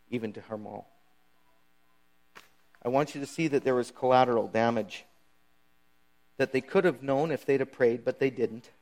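A middle-aged man preaching a sermon in a casual, conversational way, briefly acting out the voices of biblical figures. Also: medium pitch. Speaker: pastor.

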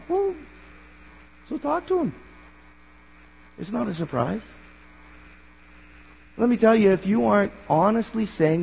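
Earnest gravelly male pastor preaching. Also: high voice, big pitch swings, a little slow, long pauses. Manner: earnest, builds to emphatic bursts then drops quiet. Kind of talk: sermon. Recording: long hall reverb.

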